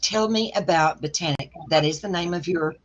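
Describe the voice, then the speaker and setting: A host, asking questions in an unhurried, halting way in a remote interview. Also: mid-range voice. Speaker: show host. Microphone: video call. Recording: dull lo-fi call audio with faint noise.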